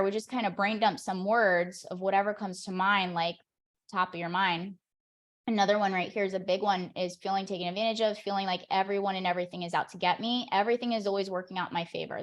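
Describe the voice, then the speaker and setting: Woman coach running a live online workshop, peppy and encouraging, video call sound. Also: mid-range voice. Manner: energetic, encouraging, addresses audience directly. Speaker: performance coach.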